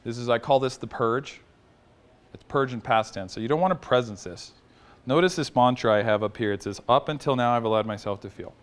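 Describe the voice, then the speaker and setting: A man teaching a small group in a relaxed, conversational way, asking them questions and joking now and then. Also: mid-range voice, fairly quick, clear, resonant tone. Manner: conversational, quizzes the audience, jokes lightly. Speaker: workshop teacher.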